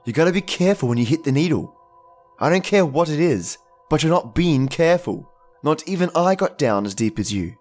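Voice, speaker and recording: A man voicing a blunt young man warning a friend about drugs in a dark story reading. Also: on the high side, lively intonation, faint music behind, pitched above the performer's own voice, lightly acted. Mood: urgent. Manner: rapid, blunt, lecturing. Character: blunt worried young brother figure.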